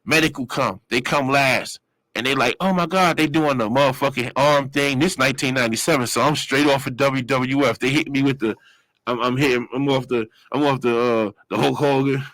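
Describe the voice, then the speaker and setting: A man in his forties speaks briskly, telling a story in casual street slang that rambles as he animatedly acts out other people's voices with sudden high yells. The audio is poor but has no echo.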